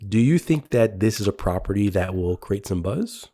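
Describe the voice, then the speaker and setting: A man's voice: lowish voice, expressive, moderate pace, warm tone. A young man co-hosting a casual movie podcast, rambling with many fillers and restarts. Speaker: podcast co-host. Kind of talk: casual chat.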